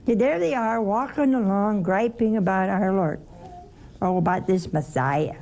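A woman leads a scripture lesson at an unhurried pace, her voice gravelly with fry. She keeps asking her listeners rhetorical questions and acts out the quoted lines. Her tone is dark and mellow. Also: mid-range voice. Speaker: Bible study teacher. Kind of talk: conversational scripture teaching.

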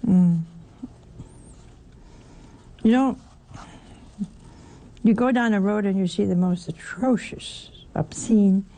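A woman's voice: medium pitch, slow, pauses often, dark tone. A woman preaching a sermon in a conversational way, often asking the listeners rhetorical questions.

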